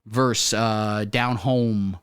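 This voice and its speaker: A man hosting a profane satirical comedy monologue with deadpan absurd jokes. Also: fairly low pitch, takes it slowly, clean tone, dry recording, clean studio sound. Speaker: comedy host.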